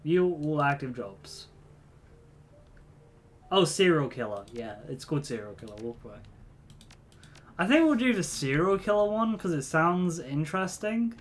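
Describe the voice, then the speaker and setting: A man's voice: fairly high pitch, expressive, moderate pace, pauses often. A male streamer giving casual gameplay commentary, rambling and restarting his sentences. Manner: rambling, trails off and restarts a lot.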